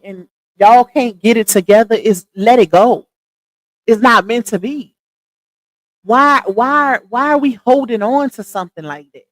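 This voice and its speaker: A middle-aged woman, chatting casually with viewers on a live stream and giving her opinions in an animated, talkative way. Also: fairly high pitch, dry recording, rough recording. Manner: chatty, animated, addresses viewers as y'all and child. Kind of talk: casual chat commentary.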